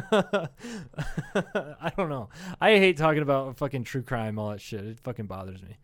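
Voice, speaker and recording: A man's voice: mid-range voice, a little slow, dry recording. A young man from northern Iowa co-hosting a comedy podcast, swearing a lot, laughing often and acting out quotes as he tells stories. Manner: profane, laughing, storytelling with acted-out quotes. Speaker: podcast co-host. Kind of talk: casual comedy podcast chat.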